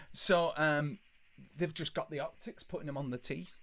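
A man's voice: medium pitch, a little fast, pushed and bright. A man telling a rambling, sweary anecdote on a casual podcast. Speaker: podcast co-host. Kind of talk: casual storytelling chat.

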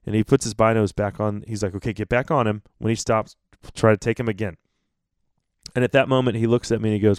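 A man with a low, smooth, resonant voice tells a hunting story on his podcast. He is animated, breaks into laughter and acts out the quotes of others. The sound is dry and close to the mic. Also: fast, dry recording. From North America. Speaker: podcast host.

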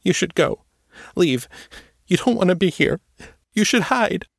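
A man's voice: sits high, animated, measured pace, gravelly, husky, no echo, studio quality, pitched above the performer's own voice, heavily acted. A man voicing the frightened ghost of a young girl who speaks in clipped, broken phrases. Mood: urgent.

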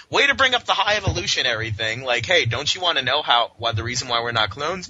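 Co-hosting a laid-back comic book podcast, this man speaks fairly quickly in a fairly high voice, mocking things sarcastically through animated rants. Faint hiss runs under the dull, lo-fi audio.

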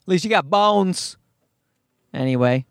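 Animated profane podcast guy, high voice. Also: unhurried, gravelly, clear, resonant tone, dry recording, studio quality. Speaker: podcast host. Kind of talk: casual comedic monologue.

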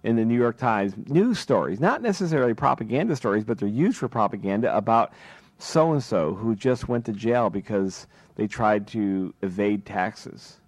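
A man's voice: fairly low pitch, animated, moderate pace, no room sound. A man hosting a talk radio show, delivering an impassioned political monologue full of rhetorical questions from a studio microphone.

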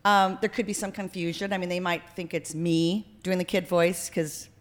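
A woman hosting a comedy podcast, animated and jokey in her banter. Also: fairly low pitch, normal speed. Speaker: host.

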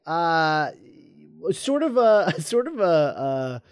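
A man co-hosting a casual movie commentary podcast, hesitant with many pauses and restarts. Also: fairly high pitch, very animated, clean tone, dry recording, clean studio sound. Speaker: podcast co-host.

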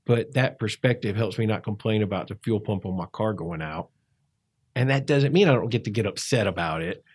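A man telling his life story in a conversational interview, reflective and halting, with frequent restarts. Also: on the low side, husky. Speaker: interview guest.

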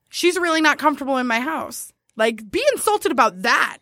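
A woman chatting casually, telling a story with animated quoted dialogue. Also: high voice, fairly quick, few pauses, dry recording, studio quality. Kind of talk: casual chat.

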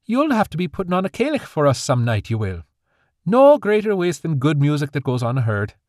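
A man's voice: fairly high pitch, sing-song, a little fast, darkish tone, no room sound, clean studio sound, voice pushed up. A man voicing a jovial, stubborn old grandfather fairy with a brogue.

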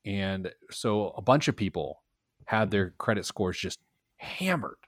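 A man's voice: fairly low pitch, measured pace, no room sound, studio quality. A man hosting a personal finance show, reading news items with playful emphasis and joking with his co-host. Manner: animated, jokey, reads items with playful emphasis. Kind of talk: casual radio show banter.

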